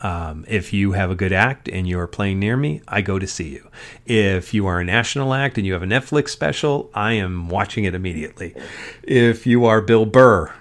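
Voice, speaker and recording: A man's voice: low-pitched, fairly quick, fairly bright tone. A man hosting his own podcast, talking alone in a rambling, profane way with frequent ums. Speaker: podcast host. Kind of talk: solo podcast monologue. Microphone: podcast mic.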